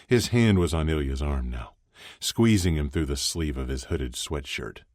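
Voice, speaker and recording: With an exceptionally deep, low voice, a male audiobook narrator delivers a scripted story in a calm, even manner at a moderate pace. The recording is dry and close-miked, with no trace of the room.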